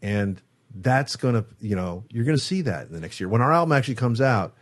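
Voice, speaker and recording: A man's voice: medium pitch, lively intonation, a little fast. A male guitarist in a studio interview, telling a story casually, acting out quotes and swearing freely. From San Francisco Bay Area. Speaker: guest guitarist.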